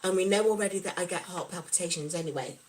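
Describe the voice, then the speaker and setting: A middle-aged British woman hosts a casual livestream, reading out viewers' comments and replying warmly in a chatty way. She speaks fast with a fairly low pitch, and the audio is poor.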